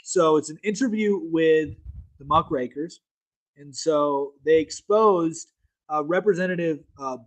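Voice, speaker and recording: A man's voice: a little high, unhurried, poor audio. A man hosting a casual political podcast, talking loosely with restarts and laughs. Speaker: podcast host.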